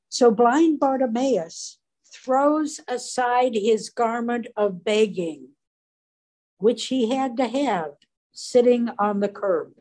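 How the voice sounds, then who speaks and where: A woman teaching from the Bible in an earnest, deliberate sermon, briefly voicing the people in the stories. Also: on the high side, darkish tone, poor audio. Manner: earnest, slow and deliberate, acts out quoted voices briefly.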